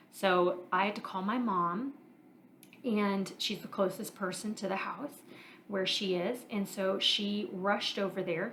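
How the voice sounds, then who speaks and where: A woman in her thirties talks straight into the mic in a candid solo podcast, earnest and reflective. She thinks out loud, pausing on fillers as she works through her feelings. Her voice sits at a medium pitch, with a faint hiss of background noise. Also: rough recording. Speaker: podcast host.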